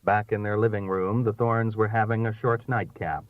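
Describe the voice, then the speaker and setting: A man narrating a literary short story aloud in a lively, expressive way. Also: fairly low pitch, normal speed, no room sound. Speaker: audiobook reader. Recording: thin phone-like dry sound.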